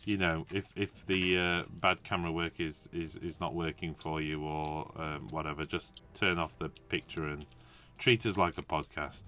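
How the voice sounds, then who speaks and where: A man's voice: extremely low pitch, fairly even intonation, moderate pace, sharp tone. A man hosting a casual hobby livestream, rambling and chatty, with lots of restarts and asides. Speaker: host.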